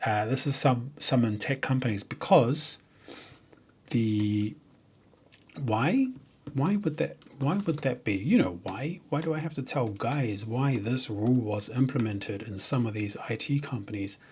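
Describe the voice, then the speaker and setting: A man, a software developer, chatting casually and jokingly on a livestream, rambling with many fillers and restarts. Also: mid-range voice, animated, a little slow, a little hiss or hum.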